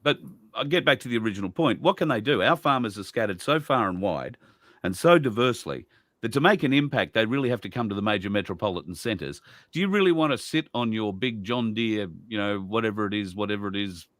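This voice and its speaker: Low-voiced Australian man, dry sound. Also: expressive, fast talker, fairly bright tone, no echo. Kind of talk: casual chat.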